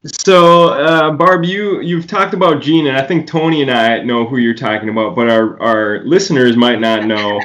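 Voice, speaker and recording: A man's voice: medium pitch, normal speed, hardly any pauses, fairly bright tone, a little hiss or hum. A man co-hosting a podcast, asking questions hesitantly with many fillers. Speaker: podcast co-host. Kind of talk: casual interview.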